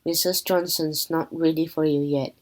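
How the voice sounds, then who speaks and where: A woman's voice: sits low, fairly even intonation, normal speed, a little mellow, natural voice. A woman reading a curt, grim school secretary.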